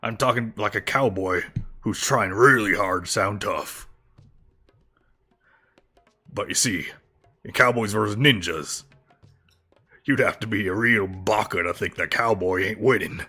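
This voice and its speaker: A man putting on a gruff, swaggering cowboy voice, trying hard to sound tough. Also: on the low side, unhurried, long pauses, pushed and bright, soft background music, exaggerated voice. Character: tough-talking male cowboy.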